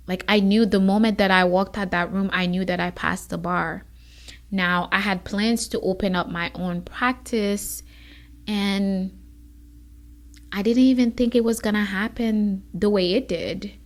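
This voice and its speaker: A woman attorney hosting her own show, giving an earnest personal testimony and sometimes close to tears. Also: mid-range voice. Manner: emotional, near tears at times; earnest, encouraging. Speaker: podcast host, immigration attorney.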